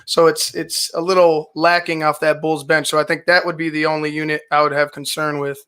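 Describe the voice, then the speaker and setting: A man co-hosting a sports talk show, giving his view in a measured way and thinking aloud as he goes. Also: on the high side, flat delivery, pushed and bright, clean tone. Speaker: sports radio co-host. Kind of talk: sports talk radio banter.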